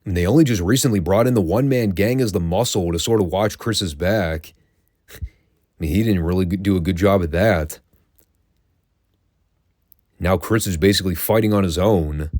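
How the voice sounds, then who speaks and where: A man's voice: low-pitched, normal speed, pauses often, darkish tone, no room sound, studio quality. A man hosting a show, giving a casual, wry recap of old wrestling episodes and swearing now and then. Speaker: podcast host reviewing classic wrestling.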